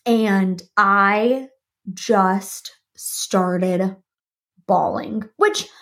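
A woman speaks very slowly in a medium-pitched voice as host of her own podcast, seated at her home office desk. Sharing a personal story, she animatedly performs the dialogue she remembers.

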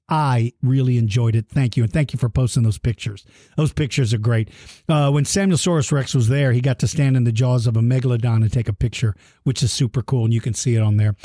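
A middle-aged man hosting a dinosaur podcast for kids, animated and playful, giving shout-outs and teasing listeners in a mock gruff way. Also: mid-range voice, no echo, studio quality. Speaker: podcast host.

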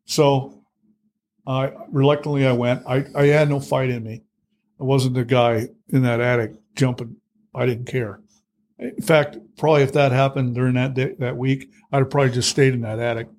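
Man, middle-aged, blunt, plainspoken, candid storytelling, halting restarts. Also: mid-range voice, level tone, a little mellow. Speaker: guest.

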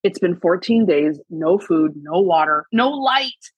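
A middle-aged woman telling a story as a podcast guest, casual and animated, acting out quotes. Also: unhurried, slightly rough, no echo, dull audio. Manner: animated, acts out quotes with big pitch jumps. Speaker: guest, crafting TV personality.

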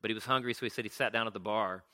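A man's voice: lowish voice, very fast, bright, forceful tone. A man retelling a story to an audience in a loose, chatty way, full of fillers and restarts. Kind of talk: conversational storytelling talk.

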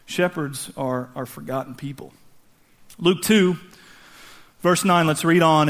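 Animated high-voiced male preacher. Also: slow pace, long pauses. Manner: animated storytelling, acting out voices with slang. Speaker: pastor. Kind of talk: sermon.

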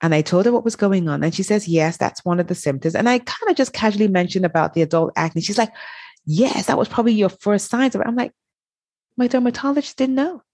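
A woman's voice: mid-range voice, quick pace, no room sound, clean studio sound. A middle-aged woman talking as an interview guest, telling personal stories candidly and acting out the dialogue in them. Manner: animated, acts out dialogue in her stories. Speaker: guest, author. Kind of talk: candid conversational storytelling.

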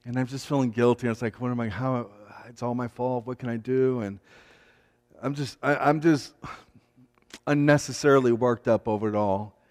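A man's voice: mid-range voice, darkish tone. A man, a pastor, telling a candid, self-deprecating personal story during a sermon. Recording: long hall reverb.

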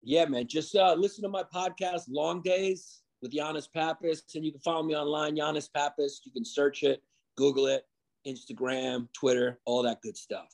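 Man, comedian guest, gravelly voice, casual podcast chat, rambling with fillers. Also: fairly high pitch, steady tone, moderate pace. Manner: rambling, many fillers and restarts.

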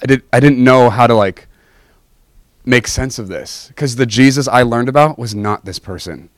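A man's voice: moderate pace, no echo, studio quality. Earnest man preaching a personal testimony. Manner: earnest, emotional storytelling with big pitch swings.

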